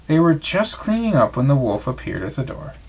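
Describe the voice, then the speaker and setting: Expressive man reading a bedtime story. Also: medium pitch, fairly quick, breathy edge. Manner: expressive read-aloud voice. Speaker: father reading to his child.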